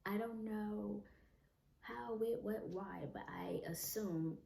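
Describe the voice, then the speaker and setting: A young woman vlogger telling a personal story in a soft, candid, unhurried way. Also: medium pitch, vocal fry, slight background noise. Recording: echoey room, faint ambience.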